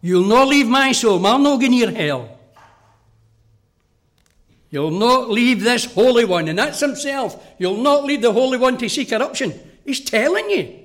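A high-pitched man preaches a sermon. He is earnest and direct and speaks straight to the children listening. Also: expressive, measured pace, fairly bright tone.

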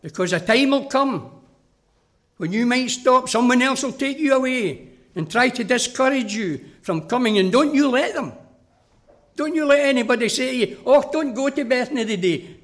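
A high-pitched man preaches a sermon. He is earnest and direct and speaks straight to the children listening. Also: expressive, moderate pace, fairly bright tone.

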